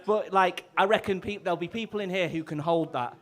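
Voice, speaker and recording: High-voiced man joking from stage. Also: a little fast, fairly bright tone. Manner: jokey, chatty, laughs often, stumbles and restarts. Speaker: bandleader and clarinettist. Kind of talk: stage banter between tunes. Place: live music venue.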